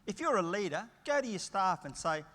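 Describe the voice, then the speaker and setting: A man's voice: high-pitched, very animated, brisk, a bit bright. Punchy Australian man in a reverberant hall. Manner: emphatic, storytelling with punchy short phrases. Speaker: keynote speaker. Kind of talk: motivational conference keynote. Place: large conference hall.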